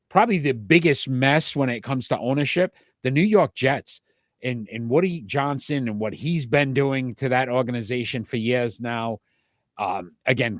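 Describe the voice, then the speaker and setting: A man's voice: mid-range voice, no room sound, studio quality. A man with a Rhode Island accent co-hosting a sports talk show, giving opinionated rankings and often restarting with repeated words.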